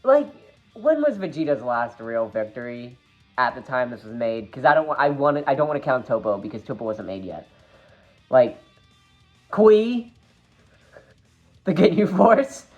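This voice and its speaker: A woman giving an animated fan review of a film, emphatic and exasperated, with her voice leaping up when she gets upset. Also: low-pitched, normal speed, long pauses, dull audio, faint music behind.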